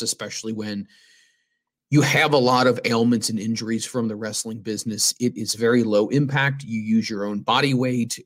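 A man's voice: lowish voice, a bit bright. Easygoing male podcast host. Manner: easygoing, laughs along, asks follow-ups. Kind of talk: casual interview chat.

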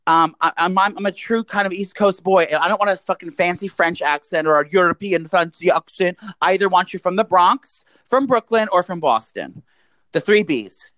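A man's voice: high-pitched, fairly bright tone, no echo. Campy, crude young man. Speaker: podcast co-host. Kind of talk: casual chat.

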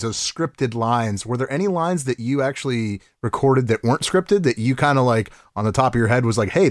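A man's voice: mid-range voice, no room sound. A male interviewer with a mid-range voice asks questions in an easy, casual way. The recording is dry, and he sits a little back from the mic.

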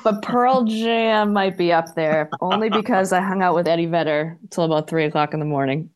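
A woman with a Boston accent, talking as a podcast guest in a chatty, animated way full of fillers. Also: fairly low pitch, normal speed, clean tone. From Boston, USA. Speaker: guest, arena marketing director. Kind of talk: casual podcast chat.

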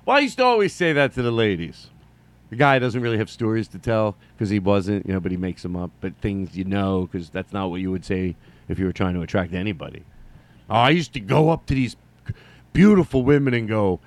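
A man hosting a solo comedy podcast, rambling through a story with jokey asides and quick mock voices. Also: lowish voice, lively intonation.

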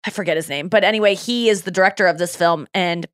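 A woman's voice: lowish voice, fast, smooth, no echo, clean studio sound. A woman hosting a podcast, telling stories in a casual chat and acting out the people she quotes. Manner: animated storytelling, quoting others in acted voices. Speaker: podcast host.

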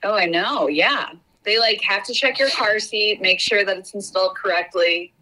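A woman's voice: medium pitch, moderate pace, pushed and bright, poor audio. A woman in her thirties calling into a podcast, easygoing and chatty. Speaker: caller, guest on phone. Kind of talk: casual phone chat.

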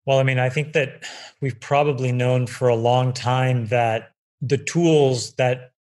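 Male guest, mid-range pitch, measured, hedging interview answers. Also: fairly even intonation, a little mellow. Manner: measured, thinks aloud with hedges. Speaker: guest investor.

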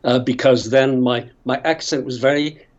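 Older Northern Irish actor guest, rambling raconteur, muffled remote audio. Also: male voice, mid-range voice, steady tone, normal speed, darkish tone. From Northern Ireland. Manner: chatty, rambling storyteller who laughs often. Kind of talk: casual interview storytelling.

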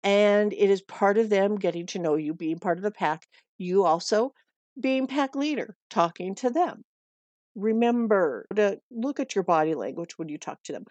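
A middle-aged woman from the United States talks through her dog-walking advice in a chatty, earnest manner and circles back to repeat her points. Her voice sits at an ordinary middle pitch. It is recorded close and dry, with no room sound. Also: expressive, moderate pace, darkish tone, no room sound. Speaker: dog walker giving pet tips. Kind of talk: casual advice talk.

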